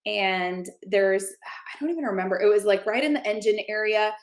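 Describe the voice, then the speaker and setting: Lively woman telling stories in an echoey room. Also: medium pitch, moderate pace. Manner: lively storyteller, acts out quoted lines. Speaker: co-host. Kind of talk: casual podcast chat.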